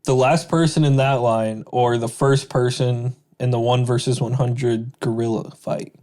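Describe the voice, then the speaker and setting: A man's voice: medium pitch, fairly even intonation, measured pace, warm tone. A young man co-hosting a podcast, teasing friends and posing silly would-you-rather questions. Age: young adult. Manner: poses silly hypotheticals, teasing. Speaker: podcast co-host. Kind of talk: casual chat.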